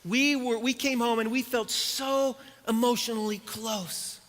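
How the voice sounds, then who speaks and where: A middle-aged man preaches to a church congregation in an unusually high, bright voice. He keeps it conversational, with dry humor and rhetorical questions. His words ring out with the long reverb of a church auditorium. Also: steady tone, measured pace. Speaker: pastor. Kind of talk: sermon.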